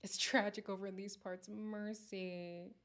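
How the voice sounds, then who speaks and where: A woman hosting a live recap stream, chatting casually with viewers and reacting with animated exclamations. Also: mid-range voice, unhurried.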